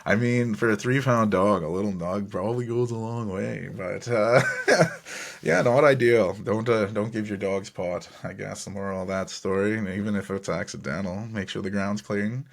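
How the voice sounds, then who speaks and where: A man's voice: on the low side, moderate pace, gravelly. A man hosting his own solo sports podcast, running through scores and telling stories in a laid-back, chatty way with easy fillers and chuckles. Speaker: podcast host.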